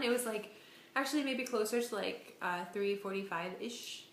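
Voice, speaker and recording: A young American woman in her twenties, a volunteer, chatting casually about her day and telling stories in an animated way. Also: fairly high pitch, moderate pace, a little hiss or hum. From United States. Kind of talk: casual chat. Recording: echoey room.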